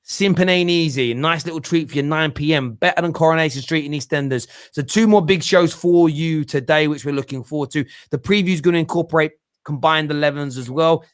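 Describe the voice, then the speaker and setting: A man's voice: on the high side, fairly quick, hardly any pauses. A young adult man with a Cockney accent hosting a casual football podcast, laughing often and repeating words. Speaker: host.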